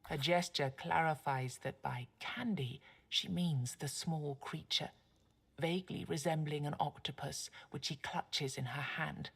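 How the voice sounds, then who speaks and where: A woman narrating a dark fantasy game in a hushed, measured way with a husky, gravelly voice. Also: low-pitched, full character voice. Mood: ominous. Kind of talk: scripted narration.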